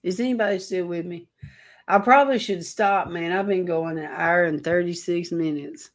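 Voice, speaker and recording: A woman's voice: lowish voice, moderate pace. A woman preacher giving an informal sermon to an online audience, telling a rambling story in an earnest way.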